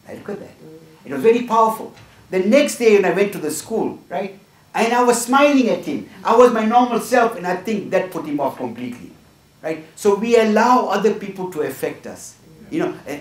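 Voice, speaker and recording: A middle-aged man speaks earnestly to a small group, giving a motivational talk and checking in with "right?" at the end of each point. His voice sits a bit high for a man and is picked up from across an echoing room. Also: expressive, a little fast. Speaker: workshop speaker. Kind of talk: motivational talk with personal stories. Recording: echoey room from a distance.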